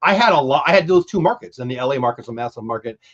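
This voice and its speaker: A man's voice: mid-range voice, animated, very fast. A man hosting a casual baseball watch-party livestream, calling plays and chatting in an enthusiastic, rambling way. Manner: enthusiastic, rambling, talks over others. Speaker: livestream host. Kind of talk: casual livestream chat with play calls. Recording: dull lo-fi stream audio.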